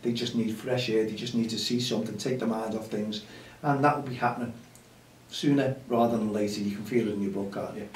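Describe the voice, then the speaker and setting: Hoarse Merseyside man rambling on his show. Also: fairly low pitch, fairly even intonation, brisk, slight background noise. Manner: rambling, folksy, repeats himself. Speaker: host of a grassroots football show. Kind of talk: casual chatty show talk. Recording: echoey room, mic at a distance.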